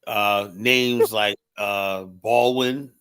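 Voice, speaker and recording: A man's voice: fairly low pitch, fairly even intonation, drawn-out words, a bit bright, clear, resonant tone. Heated man arguing on a stream. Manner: heated, argumentative, keeps asking "you know?". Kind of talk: casual live-stream debate.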